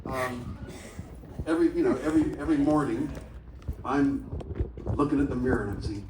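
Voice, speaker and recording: Profane, animated man telling stories on stage. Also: medium pitch, normal speed, long pauses, noisy background. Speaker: stage storyteller. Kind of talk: solo speaking show. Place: large theatre. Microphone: stage PA, taped on a phone in the audience. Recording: distant, echoey theatre audience recording. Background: faint audience ambience.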